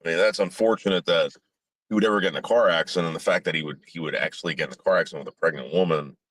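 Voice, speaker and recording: A man's voice: low voice, racing, a bit bright, no room sound. A man hosting a casual livestream chat, rambling with fillers and restarts and swearing bluntly. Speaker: podcast host.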